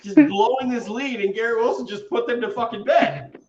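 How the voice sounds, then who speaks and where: A man co-hosting a podcast, telling sports stories in a casual, excitable way and swearing freely. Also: extremely high pitch, a little fast, roomy sound, dull audio. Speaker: podcast co-host.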